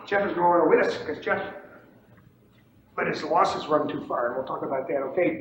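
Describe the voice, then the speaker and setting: A man teaching trading to a room of trainees, lively, acting out the shouts and voices of traders on the floor. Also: fairly high pitch. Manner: animated, acts out pit shouts and mimics other traders. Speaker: trading instructor. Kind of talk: lecture to trainees. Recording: distant echoey room, dull lo-fi tape with faint hiss.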